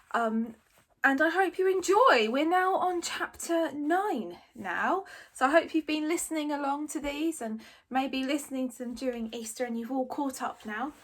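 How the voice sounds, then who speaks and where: A woman reading a children's book aloud in a friendly, expressive manner. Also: high-pitched. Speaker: storybook reader.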